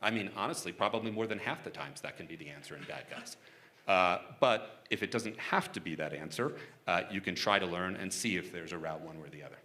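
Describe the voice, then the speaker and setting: A man's voice: low-pitched, brisk, pushed and bright. A man being interviewed onstage about his work negotiating for hostages, talking casually and frankly, chuckling often and restarting his sentences.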